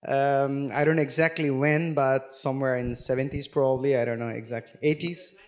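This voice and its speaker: A man hosting a casual bilingual livestream chat, pausing to search for words, with many fillers. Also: mid-range voice, fairly even intonation. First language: German. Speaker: livestream host.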